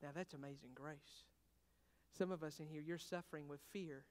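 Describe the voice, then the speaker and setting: A man preaching a sermon as pastor. He swings between hushed, intimate talk and loud, fervent preaching, and calls out questions to the congregation. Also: fairly high pitch, steady tone, normal speed. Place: church sanctuary. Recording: long reverb of a large hall.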